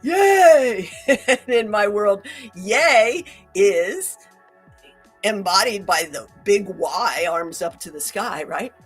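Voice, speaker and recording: A woman's voice: mid-range voice, takes it slowly, husky, soft background music. A woman hosting a casual talk, chatty and upbeat, laughing often and restarting her sentences. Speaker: host.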